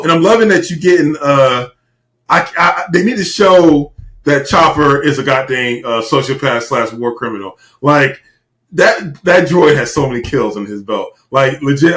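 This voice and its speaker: A man co-hosting a podcast in casual chat, with profane, animated banter. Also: medium pitch, normal speed, reverberant. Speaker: podcast co-host.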